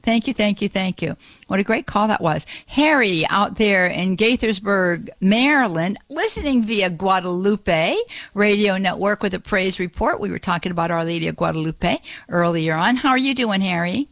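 A woman hosting a Catholic call-in radio show, warmly effusive and fond of repeating words like "beautiful". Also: medium pitch, normal speed, no echo.

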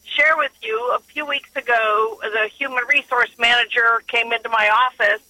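Bright-voiced woman caller telling a story. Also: a little high, moderate pace, no room sound, low-quality recording. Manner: animated storyteller who acts out the quoted voices. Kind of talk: telling a story on a call-in show.

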